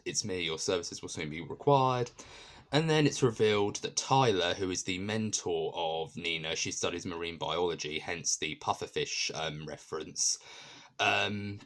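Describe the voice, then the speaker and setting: A man with a low voice reviews a TV episode in a loose, chatty way. He wanders through his points and keeps stopping to restart or fill gaps with ums. He comes across earnest and keen on the episode. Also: fairly bright tone. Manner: rambling, many fillers and restarts. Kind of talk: casual spoken episode review.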